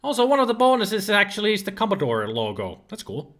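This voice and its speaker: A man's voice: high-pitched, wildly swooping pitch, fairly quick, a bit bright. A tired man casually commentating his retro gameplay on a livestream, chatty and prone to laughing, swearing and mocking the game. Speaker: livestreamer playing retro games.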